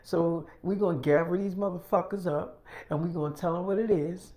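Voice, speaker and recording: A man's voice: sits high, brisk, warm tone, close to an everyday voice. A man playing a hot-tempered foul-mouthed enforcer. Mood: bossy. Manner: profane, streetwise, barking orders.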